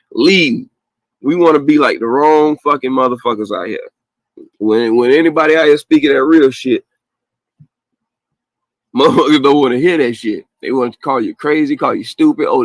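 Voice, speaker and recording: A man's voice: fairly high pitch, dry recording. Profane ranting man, dry close sound. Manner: profane, animated ranting with laughs. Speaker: call-in show host. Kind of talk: casual late-night call-in rant.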